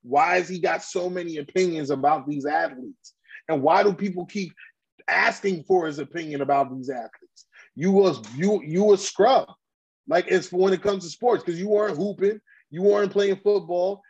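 A man with a fairly high, husky voice hosts a casual podcast chat. He rants bluntly and heatedly in street slang and keeps restarting his sentences. The recording sounds dull and lo-fi. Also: normal speed, darkish tone. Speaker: podcast host.

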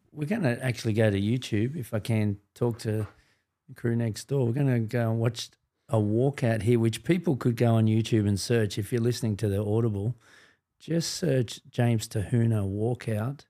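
A man's voice: medium pitch, normal speed, dark tone. A man hosting an interview podcast, asking casual questions and encouraging his guest with frequent agreement. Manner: encouraging, many "yeah" backchannels. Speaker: podcast host.

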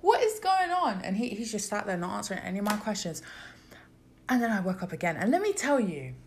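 Animated young woman with a lively, swooping voice. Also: fast, a little hiss or hum. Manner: animated and swearing freely; acts out quoted voices with big pitch jumps. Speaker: vlogger. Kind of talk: casual storytelling to camera.

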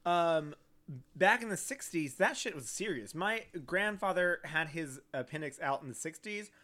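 A man's voice: fairly high pitch, expressive, moderate pace, pushed and bright. A young man co-hosting a podcast, rambling casually with lots of fillers and swearing. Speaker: podcast co-host.

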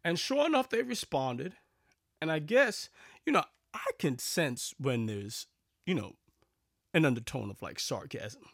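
A man's voice: fairly high pitch, very animated, unhurried, creaky, a bit bright, dry recording, clean studio sound. Guy rambling in his vlog, sarcastic, voice swoops up and down a lot. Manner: chatty, sarcastic storytelling with frequent fillers and restarts. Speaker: vlogger. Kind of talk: casual rambling vlog monologue.

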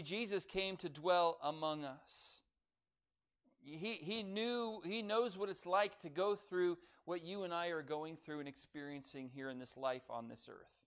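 A man preaching a sermon, building to loud emphatic declarations and dropping soft on key phrases. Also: on the high side, clear, resonant tone.

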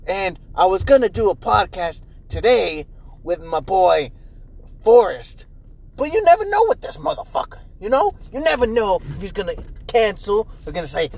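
High-voiced profane young man ranting in a car. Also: moderate pace, gravelly, rough recording. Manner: animated, profane, jumps into loud high mimicry. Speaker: podcast host. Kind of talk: casual solo podcast rant. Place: inside a car.

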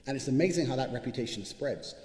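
A man's voice: medium pitch, expressive, fast, a little mellow. A man giving a brash, boastful, profane motivational monologue as a vlogger. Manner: brash, boastful, swears constantly. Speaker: vlogger giving money advice. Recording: echoey room with long reverb.

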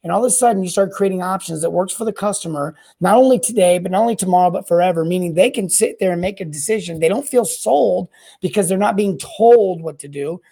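A man hosts a solo podcast about plumbing service and sales, his voice sitting high, fast, and gravelly. He rambles energetically, often repeating and restarting words.

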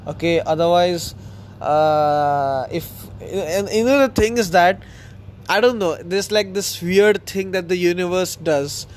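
A man talks through his podcast in a loose, excitable ramble, often breaking into laughter. His voice sits high for a man. A faint hiss lies behind the recording. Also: measured pace. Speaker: podcast host. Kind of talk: casual solo chat.

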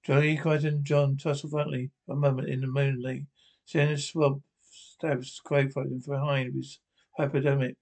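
A man reading a TV episode aloud with descriptions, halting and restarting often. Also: mid-range voice, little pitch movement, creaky, a little mellow.

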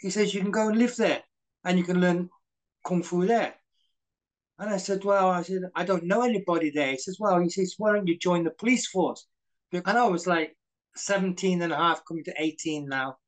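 A man's voice: sits high, moderate pace, rough recording. A middle-aged man, a guest in a casual interview, telling anecdotes full of quoted dialogue and fillers. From Britain. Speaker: guest, former stuntman.

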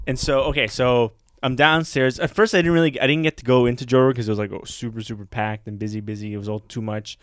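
A man co-hosting a podcast, telling a story in a casual, animated way, acting out other people's voices and laughing often. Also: mid-range voice, fast, few pauses, no echo, studio quality. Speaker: podcast co-host.

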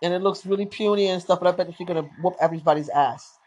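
A podcast host talks through a movie as it plays, in loose and unscripted running commentary. The reactions come out in sudden, excited bursts, with plenty of casual swearing. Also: mid-range voice, rapid-fire, lo-fi sound.

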